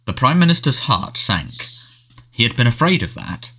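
A man narrating a storybook in a measured, expressive reading. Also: mid-range voice, husky. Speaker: audiobook narrator.

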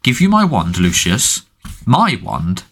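A man reading an audiobook, voicing a cold, menacing male dark lord who speaks in a quiet, thoughtful, hissing tone. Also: fairly low pitch, wildly swooping pitch, slow, exaggerated voice. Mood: cold menace.

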